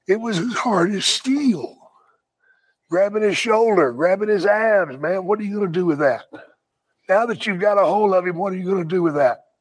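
An older man, a retired wrestler and podcast guest, telling stories in a casual, profane, animated way with frequent laughs. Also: high-pitched, moderate pace, slightly rough, low-quality recording. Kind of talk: casual storytelling.

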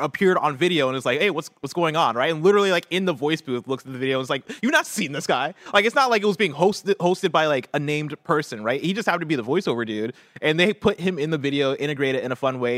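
A man's voice: fairly high pitch, expressive, fairly bright tone, no echo, studio quality. A young adult man co-hosting a video game news show in casual chat, rambling and often adding "right?" and "like". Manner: fast and rambling, lots of "right?" and "like".

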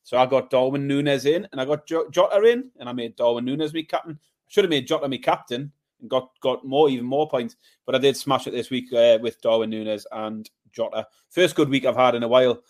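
A man's voice: medium pitch, a little fast. A man co-hosting a podcast, speaking in a dry, matter-of-fact way in casual chat. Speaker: podcast co-host.

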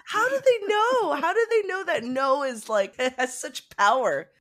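A woman's voice: high voice, normal speed, fairly bright tone. A woman hosting a quiz podcast, playful and alliterative, laughing often between remarks. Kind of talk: upbeat show opening and casual chat.

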